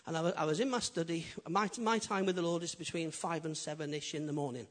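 A man preaching a sermon as pastor, swinging from loud, emphatic build-ups to quiet, intimate asides. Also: fairly high pitch, quick pace. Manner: animated preaching, rising loud then dropping quiet.

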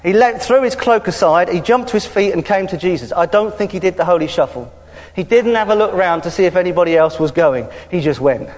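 High-voiced preacher man in a reverberant hall. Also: a little fast. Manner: lively, conversational preaching with frequent hallelujahs. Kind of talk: sermon. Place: church hall.

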